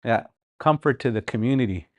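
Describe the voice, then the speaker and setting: A man teaching a live language class, speaking slowly and repeating words with rhetorical questions. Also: mid-range voice, a little mellow. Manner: slow, repetitive, with sounded-out words and rhetorical questions.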